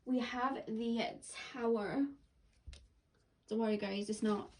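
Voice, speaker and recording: A woman's voice: medium pitch, unhurried, darkish tone, distant mic, slight background noise. A woman giving a pick-a-card tarot reading, rambling and full of "like" and self-corrections. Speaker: tarot reader.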